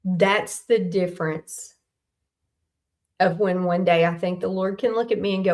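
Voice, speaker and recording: A woman's voice: fairly low pitch, steady tone, unhurried, darkish tone. A middle-aged woman, hosting a casual faith talk in a folksy, candid storytelling way. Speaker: host.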